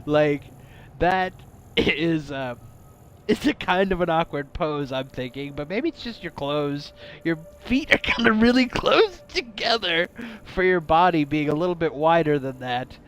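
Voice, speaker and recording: A man's voice: a little high, expressive, unhurried, a bit bright, clear, resonant tone. Playful, giggly male game streamer. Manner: playful and jokey, laughs often, mock-dramatic asides. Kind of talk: casual let's-play commentary.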